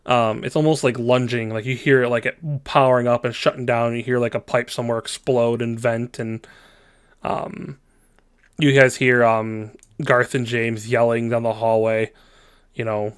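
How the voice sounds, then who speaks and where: A man's voice: mid-range voice, little pitch movement, normal speed, clean tone. A man narrating as game master in a loose, casual way with lots of fillers.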